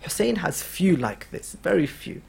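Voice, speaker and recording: A man's voice: high-pitched, big pitch swings, normal speed, gravelly, darkish tone, husky. A man giving a mourning sermon, telling a story and voicing its figures, his delivery growing more emotional as it goes. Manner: storytelling, quoting figures with rising emotional intensity. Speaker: religious speaker. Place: lecture hall.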